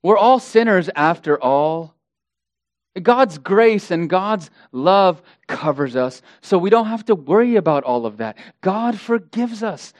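A man's voice: high voice, lively intonation, a little slow, dry recording. A man putting on the voice of a complacent false teacher who brushes off sin in a breezy, dismissive way. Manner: breezy, dismissive, self-assured.

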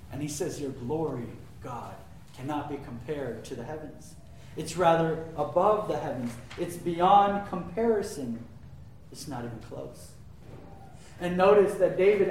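A man preaching a sermon, emphatic, swinging between loud declarations and hushed asides and asking his listeners rhetorical questions. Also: sits high, slight background noise. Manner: asks the audience rhetorical questions. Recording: very echoey room, mic far off.

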